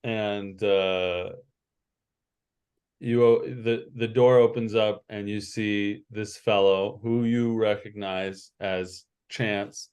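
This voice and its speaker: Slow, halting game-master man. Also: fairly low pitch, fairly even intonation, a little mellow, clear, resonant tone. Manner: halting, full of fillers and restarts. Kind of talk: narrating a tabletop game.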